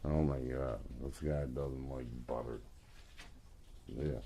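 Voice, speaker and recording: A man's voice: very deep voice, steady tone, slow, dark tone. A drunk man rambling crudely in casual chat on a livestream, swearing often.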